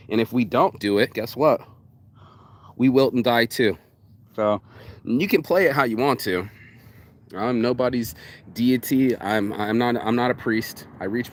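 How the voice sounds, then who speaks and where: A man's voice: mid-range voice, slight background noise. A man vlogging outdoors in a rambling, profane casual monologue, calling the listener "bro". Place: outdoors in public.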